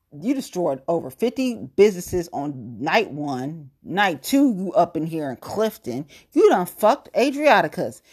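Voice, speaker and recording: A woman's voice: on the low side, breathy edge. A woman delivering a heated, blunt and profane rant to camera, scolding and cursing throughout. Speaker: commentator.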